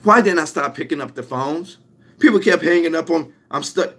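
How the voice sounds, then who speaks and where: A young man gives a motivational talk in an emphatic, repetitive way. He leans on his main points and slows down to land them. His voice sits slightly high for a man. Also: a bit bright, breathy edge. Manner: emphatic, repetitive, drawn-out punch lines. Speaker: motivational speaker.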